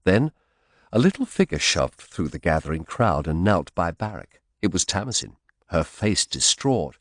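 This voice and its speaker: A man narrating an audiobook in first person with expressive, dramatic storytelling. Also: low voice, unhurried, dry recording, studio quality.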